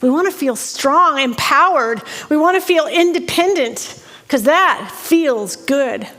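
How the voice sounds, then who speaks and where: A middle-aged woman preaching a sermon, telling a personal story in an animated, self-deprecating way. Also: sits high, slow, long reverb tail. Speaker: pastor.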